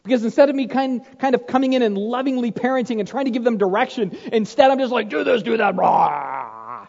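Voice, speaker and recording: A man's voice: very high voice, fairly even intonation, quick pace. Emphatic preacher man in an echoey hall. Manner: emphatic, swings between loud stress and hushed asides. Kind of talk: sermon to fathers. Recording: echoey hall, dull sound.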